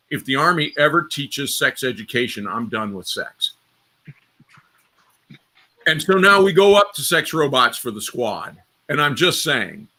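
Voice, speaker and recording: A middle-aged man hosting a live stream, telling rambling war stories in a casual, animated way with sudden loud bursts. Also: medium pitch. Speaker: host.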